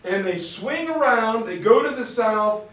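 A man giving an informal history lecture from a map, telling it as a story, acting out quotes and clearing his throat now and then. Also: high-pitched, lively intonation, a little slow, fairly bright tone, distant mic. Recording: roomy sound from off-mic.

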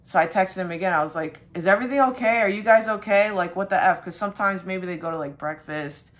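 A young woman, a spiritual reader, telling a rambling casual story full of fillers and mild cursing. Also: fast talker. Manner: quotes her dad in a higher voice.

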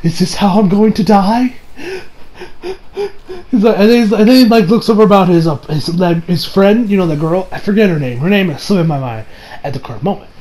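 A man giving a casual anime episode review, excitable and swearing, recapping scenes with mock quotes. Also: high voice, quick pace, poor audio.

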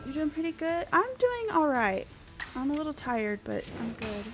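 A woman talks in a high, bright register as she streams a game live. She is chatty and excitable and greets her viewers by name. Faint music plays underneath her voice. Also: normal speed. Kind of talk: casual live-stream chat.

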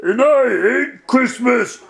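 A man's voice: very high voice, takes it slowly, exaggerated voice. A man voicing a grumpy dragon who hates Christmas, roaring and making blunt threats in a home-made comedy movie. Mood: menacing. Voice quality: gravelly, shouted roars.

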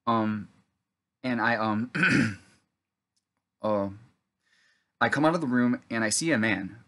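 A man telling about a dream in a halting, rambling monologue, full of fillers and throat clearing, then preaching earnestly. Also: mid-range voice, sharp tone. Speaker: vlogger recounting a dream.

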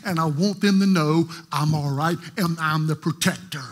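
A pastor preaching a sermon, telling stories in a voice that moves from hushed to emphatic. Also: male voice, fairly high pitch, moderate pace, hardly any pauses. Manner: storytelling, shifting from hushed to emphatic.

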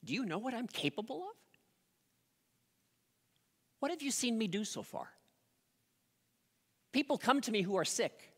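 A preacher speaking as Jesus, a calm, commanding grown man, in an earnest, reassuring way. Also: mid-range voice, full character voice. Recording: long reverb of a large hall.

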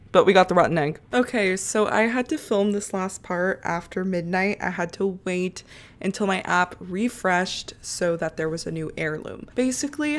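A young woman giving casual, chatty commentary while playing a mobile game, breaking into loud outbursts and laughter. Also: medium pitch. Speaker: gaming YouTuber.

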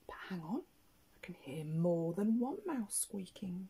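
A British woman, a nursery teacher, reading a picture book aloud to small children with playful, expressive gasps and hushed asides. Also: mid-range voice, unhurried, long pauses, breathy edge.

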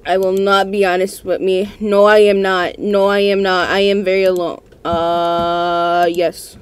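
A woman's voice: medium pitch, flat delivery, measured pace, clean tone. A woman host nervously talking through a horror game at home, repeating herself and murmuring as she plays. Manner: jittery, nervous self-talk, repeats herself. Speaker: gaming channel host. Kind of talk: let's-play horror game commentary. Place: her room at home.

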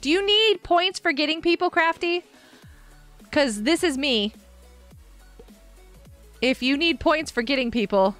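A woman streamer chats through her game with a high, bouncing voice that swoops up and down, giggling often as she answers her viewers. Light music plays faintly behind her. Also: very animated, slow, long pauses, a bit bright. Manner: giggly, chatty, reading chat aloud. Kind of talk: live game stream chat.

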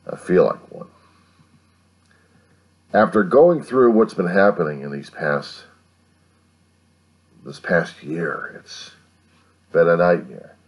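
A man in his fifties from the United States, rambling through a late-night monologue to his own camera at home and keeping his voice down so he won't wake the neighbors. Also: deep voice. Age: 50s. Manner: keeps his voice down, musing and grumbling. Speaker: video diarist. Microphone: camera he set up himself.

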